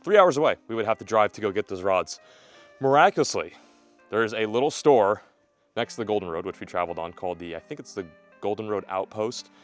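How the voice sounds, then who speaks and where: Guy with a lowish voice hyped up doing a fishing vlog outside by a lake, faint music under it. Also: fast talker. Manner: energetic, excitable, jokey. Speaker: fishing vlogger. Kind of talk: outdoor vlog narration to camera. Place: outdoors by a remote lake.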